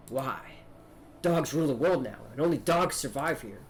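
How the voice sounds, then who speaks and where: A man's voice: medium pitch, animated, normal speed, slight background noise. A man streaming a game, casually commenting, talking to chat and reading dialogue aloud. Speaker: gaming streamer.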